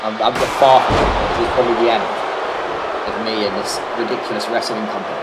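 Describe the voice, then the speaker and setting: A man's voice: on the low side, steady tone, fairly quick, very noisy. A British man doing casual, rambling solo play-by-play commentary of a wrestling video game, swearing freely and drifting into jokey tangents.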